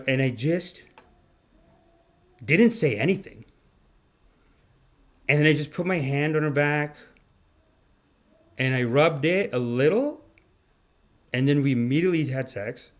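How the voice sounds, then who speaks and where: A man's voice: medium pitch, a little slow, long pauses. A man hosting a comedic livestream, rambling in a mock-preachy, profane manner. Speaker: podcast host.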